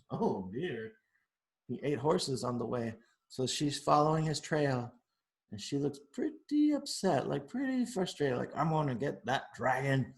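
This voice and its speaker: A man reading a picture book aloud to children, pausing for chatty asides. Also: on the high side, gravelly, reverberant. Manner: chatty, adds asides to the kids.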